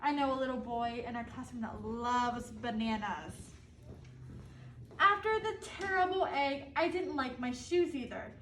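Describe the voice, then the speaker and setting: A woman reads a picture book aloud to children and stops to ask them questions. Her voice is high and her pace is slow. She sounds distant in an echoey room with faint ambience. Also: animated, a bit bright, a little hiss or hum. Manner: asks the children questions between pages. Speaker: storybook reader.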